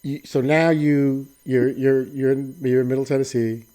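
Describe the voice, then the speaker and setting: A man hosting an interview show, speaking haltingly and repeating words as he builds toward his questions. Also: medium pitch, level tone, mellow. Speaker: podcast host. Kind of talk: casual interview chat. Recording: tinny phone line.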